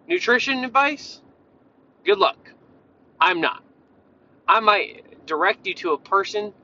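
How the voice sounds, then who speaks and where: A man's voice: sits high, vocal fry, bright, forceful tone, highs cut off, a little hiss or hum. A man who is a fitness coach, ranting bluntly and swearing a lot in casual talk, jumping from point to point. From Tennessee, USA. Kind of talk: profane casual rant.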